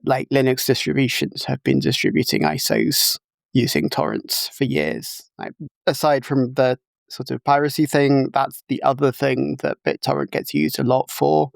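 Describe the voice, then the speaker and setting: A man's voice: medium pitch, moderate pace, gravelly, dry recording. A man taking part as a guest in a casual podcast chat over a video call, explaining things step by step with many fillers. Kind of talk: casual technical discussion. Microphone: remote video call.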